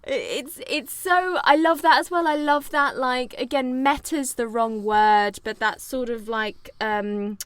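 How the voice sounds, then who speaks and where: A woman co-hosting a film podcast, talking in an animated, rambling way with lots of fillers. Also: high-pitched, measured pace, hardly any pauses, smooth, no echo. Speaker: podcast co-host. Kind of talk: casual chat.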